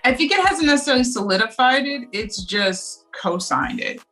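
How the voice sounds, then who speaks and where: A woman's voice: sits high, normal speed, soft background music, low-quality recording. A woman co-founder of a beer brand, talking candidly in a casual interview. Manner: candid, animated storytelling. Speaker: brewery co-founder.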